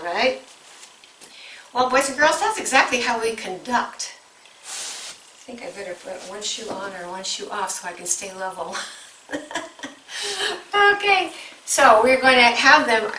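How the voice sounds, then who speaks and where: Bright-voiced woman teaching music. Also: medium pitch, roomy sound, distant mic, a little hiss or hum, rough recording. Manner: explains step by step, breaks into sung examples.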